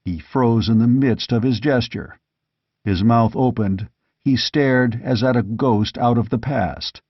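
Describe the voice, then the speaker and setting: A man reads a novel aloud in scripted audiobook narration, measured and steady. His voice sits at a mid pitch. The recording is dry and somewhat lo-fi. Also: slightly rough, dry recording.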